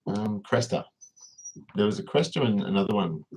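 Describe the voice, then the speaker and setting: A man's voice: on the low side, animated, moderate pace, darkish tone, slight background noise, low-quality recording. An Australian man hosting a casual livestream, rambling and reading viewers' comments aloud as he answers them. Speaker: livestream host.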